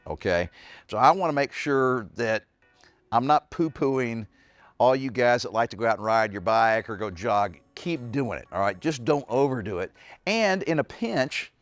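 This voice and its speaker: A man leads a home workout, talking directly to his viewers with a bouncing, animated delivery. The sound is close and dry, with soft music playing underneath. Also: medium pitch, dry recording. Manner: energetic, talks straight to viewers as "guys". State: out of breath at times. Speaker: fitness coach.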